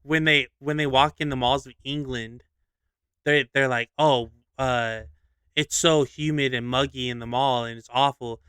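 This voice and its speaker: A man's voice: mid-range voice, unhurried, clean tone, dry recording. A young man co-hosting a podcast, chatting casually and acting out a skit with voices. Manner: animated storyteller, acts out skits with voices. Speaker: podcast co-host. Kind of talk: casual chat.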